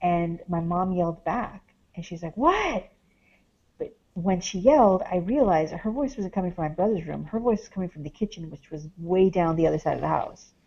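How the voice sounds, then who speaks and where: Speaking a little fast with hardly any pauses, a woman with a warm, lowish voice tells a story as a podcast guest; she's a paranormal investigator. The audio sounds dull. Her telling is casual and rambling, filled with "like" and "um".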